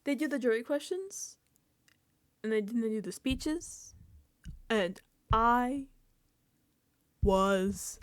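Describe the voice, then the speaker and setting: A woman talking through a TV recap with an animated, emphatic delivery and a fairly high voice. She swears casually and now and then drops into a hushed, whispered aside. The sound is close and dry, with no room around it. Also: slow pace, long pauses, no echo. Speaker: reality TV recap host.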